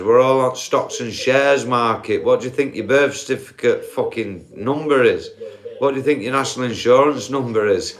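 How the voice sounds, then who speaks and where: A man ranting profanely on a live stream, laughing at his own points and calling his viewers guys. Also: mid-range voice.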